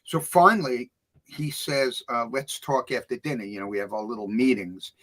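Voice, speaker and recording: A middle-aged man, a guest on a talk show, telling a story with lively voices for the people in it. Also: normal speed, very noisy. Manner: acts out voices in his stories, big swings in pitch and loudness. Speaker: author and music producer guest.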